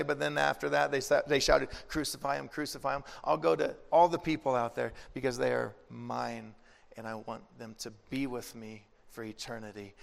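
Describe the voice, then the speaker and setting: Man doing a gentle loving savior, quiet, tender, gravelly, long reverb. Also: mid-range voice. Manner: soft, tender, earnest.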